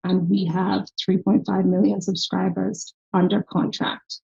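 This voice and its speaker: A woman with a softened Irish accent, telling stories earnestly as a podcast guest. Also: medium pitch, measured pace, creaky, muffled recording. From Ireland. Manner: earnest storytelling, lively quoted voices. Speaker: guest, health tech founder. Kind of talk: podcast interview.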